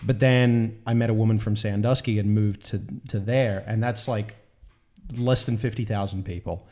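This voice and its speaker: A man's voice: on the low side, fairly even intonation, moderate pace, dark tone. A man from Australia with an Australian accent, a comedian guest telling a story in a casual panel discussion, rambling and self-deprecating.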